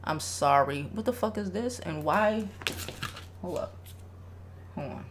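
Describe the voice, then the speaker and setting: A woman's voice: fairly low pitch, expressive, takes it slowly, background noise. A woman hosting a casual advice livestream, speaking bluntly with a lot of swearing and reading viewer comments aloud. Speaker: relationship advice host.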